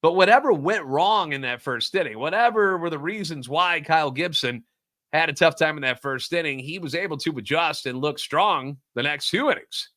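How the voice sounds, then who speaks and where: A man's voice: on the high side, lively intonation, moderate pace, bright, forceful tone. A man hosting a solo sports podcast, ranting sarcastically and animatedly about overreactions. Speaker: podcast host.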